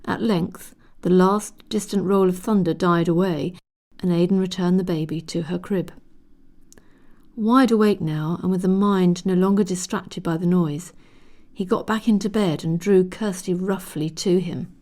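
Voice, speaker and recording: A woman reading a novel aloud in steady, descriptive scripted narration. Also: lowish voice, unhurried. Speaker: audiobook narrator.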